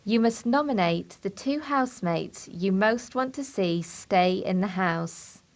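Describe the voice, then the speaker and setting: A woman delivering a reality show's formal scripted announcements, measured and calm. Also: medium pitch.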